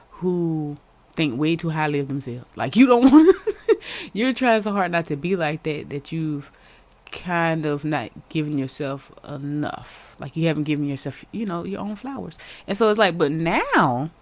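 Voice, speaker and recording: A tarot host giving a casual reading straight to viewers, excitable and chatty, often repeating words and laughing, and openly encouraging the audience. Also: mid-range voice. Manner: addresses viewers directly and warmly encourages them. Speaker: tarot reader and channel host.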